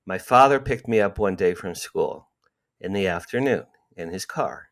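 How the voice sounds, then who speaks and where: A man in his sixties with a fairly low voice tells his story with animation. He acts out the dialogue and repeats himself for emphasis, a guest on an interview podcast. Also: lively intonation, normal speed. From New Jersey, USA. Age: 60s.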